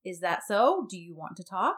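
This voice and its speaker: A woman's voice: medium pitch, very animated, moderate pace, a bit bright. A woman quoting a confident male lead from a drama, teasing and needling.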